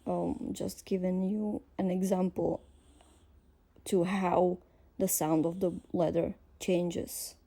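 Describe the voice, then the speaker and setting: A woman's voice: lowish voice, level tone, slow, creaky, warm tone, breathy edge. A woman from Slovakia, teaching her language and explaining each point patiently, step by step.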